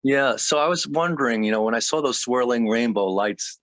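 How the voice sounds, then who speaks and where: A man guest telling a personal faith story in an earnest, halting way, with many restarts. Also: medium pitch, a bit bright, no echo.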